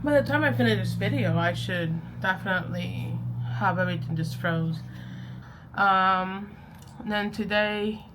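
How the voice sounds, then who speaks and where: A woman's voice: mid-range voice, a little slow, noisy background. A young woman vlogging in a casual, rambling way, often correcting herself and laughing as she chats about journaling and a series she is watching. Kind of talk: casual chatty vlog.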